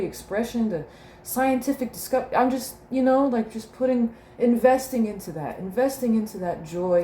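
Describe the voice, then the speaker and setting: A young mother with a medium-pitched, dark-toned voice keeps a reflective spoken video diary, wandering, searching for words, and laughing often. The recording has a roomy echo and faint room noise.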